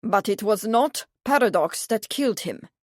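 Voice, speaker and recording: A woman voicing a portly, jovial royal gentleman who speaks with a German accent in a deep, guttural voice, in an audiobook. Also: animated, normal speed, no room sound, studio quality, lightly acted. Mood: genial, stern.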